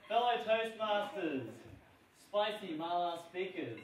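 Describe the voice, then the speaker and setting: A man's voice: high-pitched, animated, moderate pace, heavy background noise. A man giving a humorous keynote speech at a conference, telling playful stories that draw laughs. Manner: playful, storytelling, gets laughs. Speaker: keynote speaker. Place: large conference hall. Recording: echoey hall from a distant mic.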